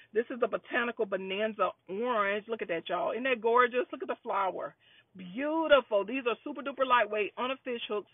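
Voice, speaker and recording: Brief: upbeat woman seller, live stream, husky tone, tinny phone-quality audio. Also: fairly high pitch, no room sound. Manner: chatty, upbeat, repeats lot numbers. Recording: dry, phone-like lo-fi sound.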